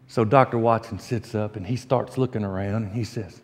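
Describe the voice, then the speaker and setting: A man, preaching a sermon as pastor and telling folksy stories with slow, emphatic delivery. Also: on the low side, fairly even intonation. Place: church sanctuary. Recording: long church reverb.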